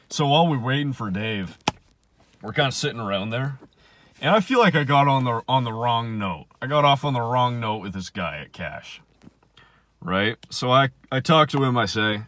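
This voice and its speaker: A young man casually telling a story on his vlog, animated and swinging between loud bursts and muttered asides. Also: medium pitch, normal speed, dry recording.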